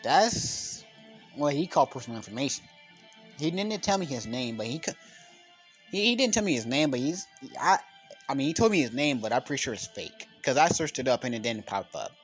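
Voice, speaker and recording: A man's voice: mid-range voice, lively intonation, brisk, faint music behind. A man casually telling a made-up fan story, rambling with slang, swearing and constant self-corrections.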